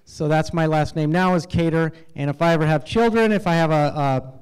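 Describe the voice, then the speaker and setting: A man from the United States performing an animated, self-deprecating stand-up set at an awards event, with halting fillers. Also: fairly high pitch, smooth. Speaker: stand-up comedian. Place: event hall with audience laughter.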